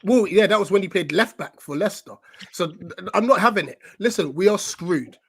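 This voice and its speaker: Brief: young man, fired-up fan pundit, a touch high, ranting and exasperated, on a home call. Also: expressive, fairly quick, fairly bright tone, slightly rough. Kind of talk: live football fan panel chat. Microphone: home video call.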